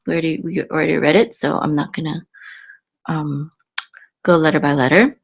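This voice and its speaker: A woman teaching Hebrew reading word by word in a patient, halting way, thinking aloud with frequent ums and self-corrections. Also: deep voice, fairly even intonation, creaky, breathy edge, rough recording.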